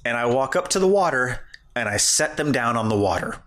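Speaking fairly quickly in a mid-range voice, a man co-hosting a podcast shares a funny story in casual conversation. His delivery is animated, and he laughs along with his own tale.

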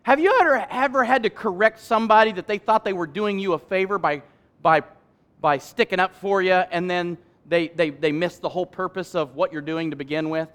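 A man preaching a sermon as pastor, joking with the congregation and swinging between loud emphasis and quiet asides. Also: sits high, brisk, clean tone.

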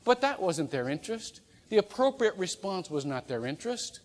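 A man preaching a sermon as pastor, animated and humorous, acting out quoted voices as he goes. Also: high-pitched, normal speed. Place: church sanctuary. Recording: reverberant church hall.

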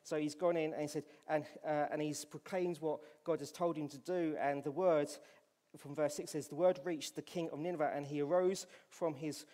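A man with a Scottish accent preaching a sermon in church, reading scripture aloud and swinging from loud to hushed. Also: a little high, steady tone, normal speed, in a large hall. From Scotland.

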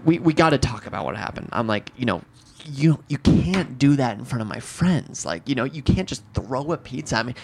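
A podcast co-host in his twenties, with a mid-range voice, tells a story casually and with lots of energy, heard with a little hiss or hum. He swears freely and acts out what people said.

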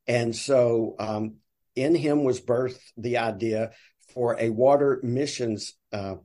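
A man with a Southern American accent from Alabama, a ministry director giving earnest, measured interview answers. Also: mid-range voice, mellow. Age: older. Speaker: guest, ministry sales director.

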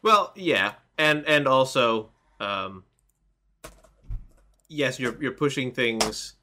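A man's voice: medium pitch, expressive, slow, sharp tone, slight background noise. A man co-hosting a casual political chat, talking in a hesitant, easily amused way. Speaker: co-host.

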